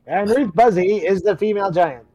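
High-voiced man, crude wisecracks. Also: moderate pace, warm tone, soft background music. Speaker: podcast co-host. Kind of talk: casual movie-riffing chat.

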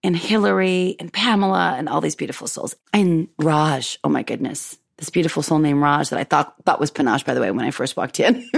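A woman with a lowish voice tells her listeners a personal story in an effusive, chatty way. She laughs often and slips into the voices of the people she quotes, like a host talking straight to her audience. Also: fairly quick, vocal fry. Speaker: podcast host.

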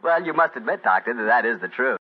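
A man's voice: mid-range voice, expressive, fast, a little hiss or hum. A man reading a breezy, jovial announcement and ad on a 1940s radio show, in a salesman-like way. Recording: dull lo-fi 1940s radio recording.

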